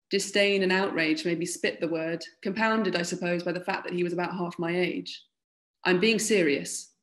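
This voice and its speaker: A woman author from London, reading her own literary fiction aloud in a measured way. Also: lowish voice.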